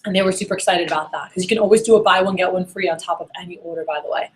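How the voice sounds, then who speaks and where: A middle-aged woman sales manager giving an energetic sales training workshop and acting out phone conversations. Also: on the low side, very fast, rough recording. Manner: energetic, acts out phone dialogues.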